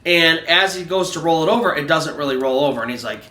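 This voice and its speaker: High, bright-voiced man telling a ghost story. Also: fast, echoey room, a little hiss or hum. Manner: loose and conversational, many "you know"s. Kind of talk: narrating a true ghost story.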